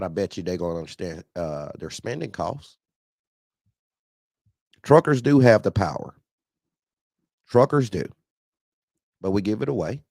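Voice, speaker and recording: A man's voice: on the low side, creaky, no room sound, clean studio sound. A man hosting a casual call-in talk show for truckers, speaking emphatically and folksily, repeating phrases for effect. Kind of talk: casual live-stream talk.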